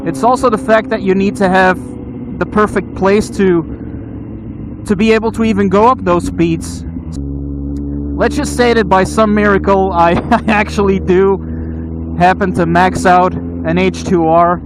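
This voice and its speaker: A man with a high voice answers interview questions outdoors, rambling and restarting his sentences. Loud traffic and engine noise roars behind him. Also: fairly even intonation, measured pace. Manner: rambling, restarts and repeats words, laughs often. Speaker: motovlog channel host answering questions.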